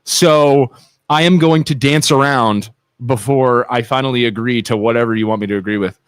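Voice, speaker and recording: A man's voice: medium pitch, moderate pace, clear, resonant tone, dry recording. A man with an Ohio accent co-hosting a local live talk show, joking around and needling his partner. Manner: goofy, teasing, talks over his co-host. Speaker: podcast co-host. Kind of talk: casual radio talk show banter.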